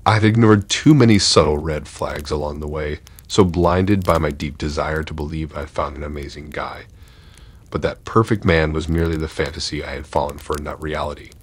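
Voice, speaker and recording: A man giving a measured, steady first-person narration of a horror story. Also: rumbling low, breathy edge, no echo.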